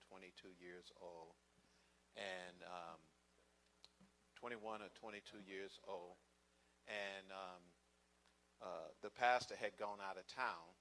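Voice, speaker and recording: A man's voice: low-pitched, a bit bright, slight background noise, low-quality recording. A man moderating a church grief panel, telling a story earnestly and often repeating his words.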